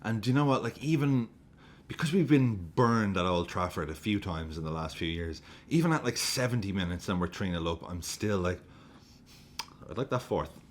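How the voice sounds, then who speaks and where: A man reviewing a football match, excitable and sweary, often breaking into laughter as he gushes. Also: lowish voice, normal speed. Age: adult with a young daughter. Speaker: football fan vlogger.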